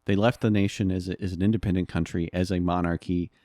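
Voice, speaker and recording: A man's voice: sits low, steady tone, fast, mellow, no echo, studio quality. A man co-hosting a casual history podcast, telling anecdotes and laughing at them. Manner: storytelling, laughs at his own anecdotes. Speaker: podcast co-host.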